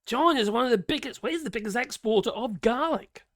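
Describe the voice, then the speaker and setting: A British man with a raspy voice giving casual, sarcastic commentary, exasperated and swearing freely. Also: very high-pitched, animated, fairly quick, a bit bright, no room sound, clean studio sound. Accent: British English. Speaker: political commentator.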